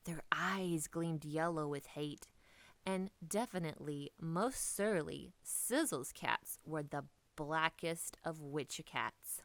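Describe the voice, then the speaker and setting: Woman reading a kids' storybook, slow and expressive, dry close sound. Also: low-pitched, no room sound. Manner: slow, expressive, dips into whispers for drama. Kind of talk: children's storybook read-aloud.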